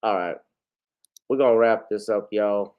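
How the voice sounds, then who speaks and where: A man hosting his own video, talking through a news story in loose, profane casual commentary that often trails off quietly. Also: fairly low pitch, unhurried, clear, resonant tone, dull audio. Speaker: vlog host.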